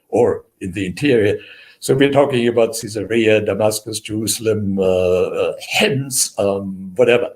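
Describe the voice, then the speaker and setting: An older man, a historian as the guest of an interview, explaining in a measured way with many filler pauses. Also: mid-range voice, darkish tone. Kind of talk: unscripted interview.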